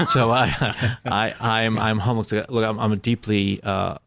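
A middle-aged American man with a low, gravelly, creaky voice talks as an interview guest. He is reflective and measured, pausing often on fillers. The sound is close and dry. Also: steady tone, fairly bright tone, no echo. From United States. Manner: measured, hesitant, many fillers. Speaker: filmmaker guest.

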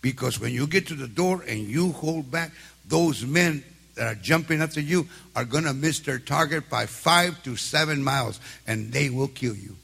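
A man's voice: medium pitch, normal speed, vocal fry, fairly bright tone, slightly rough. An older man voicing a stern, commanding male army jumpmaster in a sermon story.

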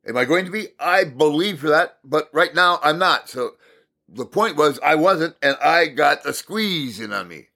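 Bright-voiced man telling a story. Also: on the high side, moderate pace. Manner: animated storytelling, swinging from loud exasperation to quiet reflection; repeats words for emphasis. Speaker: Christian speaker. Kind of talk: personal devotional talk.

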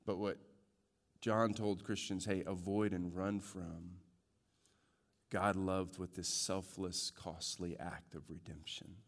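A man pastor preaching a sermon, shifting from loud joking asides to hushed, earnest emphasis. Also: low voice, little pitch movement, slow pace, in a large hall.

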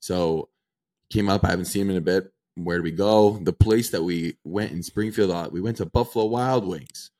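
A man's voice: deep voice, normal speed. A man in his twenties, co-hosting a podcast, casually telling a story and acting out the people in it. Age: 20s. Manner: animated storyteller acting out dialogue. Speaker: podcast co-host.

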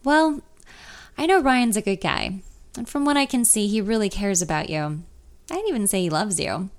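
Lady reading as a kind old grandpa-type songwriter, gentle and reassuring. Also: medium pitch, expressive, moderate pace, lightly acted. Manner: gentle, encouraging. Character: kindly grandfatherly older male songwriter.

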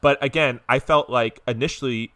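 A man co-hosting a podcast, talking in a relaxed, rambling way with plenty of fillers. His voice is bright and forward, recorded dry and close. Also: medium pitch, moderate pace, no echo. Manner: conversational, hedging with fillers. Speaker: podcast co-host. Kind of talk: casual chat.

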